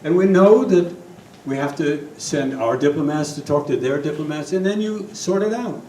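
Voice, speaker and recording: A man's voice: fairly high pitch, moderate pace. Older man lecturing in an echoey room. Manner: lively, rambling, with many restarts. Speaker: radio host giving a talk. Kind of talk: public talk to a live audience. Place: meeting room with audience. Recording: echoey room from far off, faint noise.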